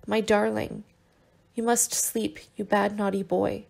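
A woman reader voicing a tender young man who gently coaxes and teases his sick lover in an audiobook. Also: medium pitch, flat delivery, takes it slowly, creaky. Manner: gentle and coaxing, with soft teasing.

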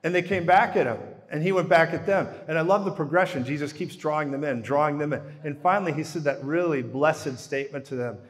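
Male preacher, fairly high voice, animated storyteller who acts out the dialogue, long hall reverb. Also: a little fast, few pauses. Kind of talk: sermon.

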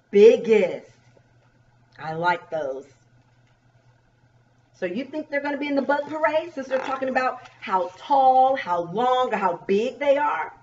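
A woman teacher giving a remote pre-K lesson, drawing out words and asking young children gentle questions. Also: on the high side. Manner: slow, drawn-out, coaxing questions to young children. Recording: dull, distant recording.

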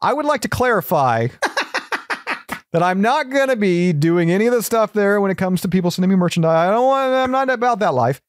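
A man guests on a casual podcast, joking and halting, with plenty of fillers. His voice sits a little high, and the recording is dry with no room echo. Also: very animated.

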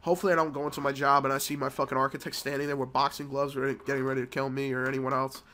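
Bright-voiced, cursing man gaming vlogger. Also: medium pitch, little pitch movement, rapid-fire. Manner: rambling, profane storytelling. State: sick with a cold. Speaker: mobile game channel host. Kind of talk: casual gameplay commentary.

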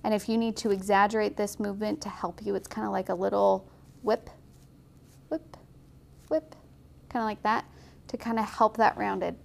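A young woman giving a casual, chatty watercolor painting tutorial, encouraging and quick to laugh. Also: mid-range voice, steady tone, vocal fry. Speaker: watercolor instructor.

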